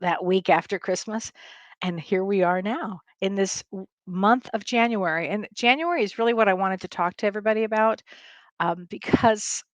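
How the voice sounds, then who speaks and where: An older woman, a spiritual medium, chats through stories on her home livestream, laughing frequently and restarting as she rambles. Her voice is medium in pitch at normal speed, recorded through a webcam or streaming mic with no room sound.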